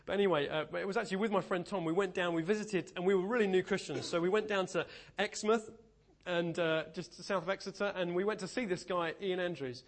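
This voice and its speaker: High-voiced man preaching. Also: fast talker. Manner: animated storytelling, lively and humorous. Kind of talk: sermon. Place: church.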